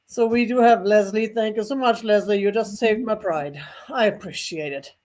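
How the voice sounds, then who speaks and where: A woman's voice: mid-range voice, moderate pace, a little mellow. A woman hosts a live vintage sale online, talking to viewers in a rambling, friendly chat. She laughs often and pokes fun at herself between comments on the items. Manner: chatty, laughs often, self-deprecating asides.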